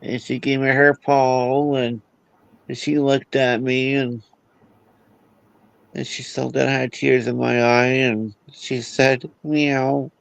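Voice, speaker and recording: A grieving man talking haltingly on a livestream call, often repeating his words as he goes. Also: medium pitch, level tone, creaky, smooth, no room sound, low-quality recording. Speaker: livestream guest. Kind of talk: casual video call chat.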